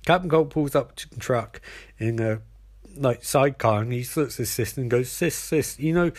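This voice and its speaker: A man rambles through a comic recap, joking and restarting often. His voice sits at a middle pitch. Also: moderate pace.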